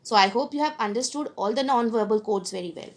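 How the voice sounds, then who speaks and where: In this recorded lecture, a female teacher goes through points slowly, using fillers as she repeats them. Her pitch is fairly high.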